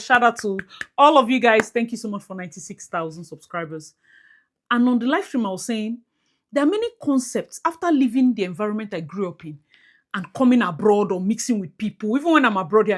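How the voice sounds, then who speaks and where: A woman with a Nigerian accent chats to her audience in a casual commentary vlog. Her voice sits fairly high and leaps around with lively emphasis. She drops into pidgin-flavored phrases as she makes her point. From Nigeria, Port Harcourt. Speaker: YouTube commentator.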